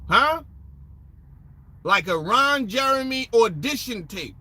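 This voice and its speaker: Profane, high-voiced man ranting. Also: slow, husky. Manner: profane, animated, street slang, sarcastic; rambling with restarts and asides. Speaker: political commentator. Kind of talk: casual ranting commentary.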